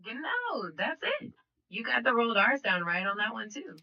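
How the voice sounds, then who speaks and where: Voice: medium pitch, sing-song, normal speed, gravelly, distant mic, muffled recording, heavy background noise. A text-to-speech assistant voice coaching a player through pronunciation, cheerful, patient and encouraging. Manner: upbeat, encouraging, patient teacher. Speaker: AI voice assistant co-host. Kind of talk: language tutoring chat.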